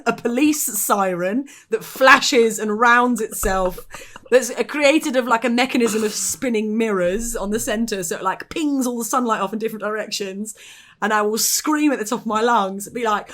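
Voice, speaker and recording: A woman's voice: fairly high pitch, moderate pace, a bit bright. A woman playing a character in a live tabletop game, playful and dramatic, often laughing. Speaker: player. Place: live stage.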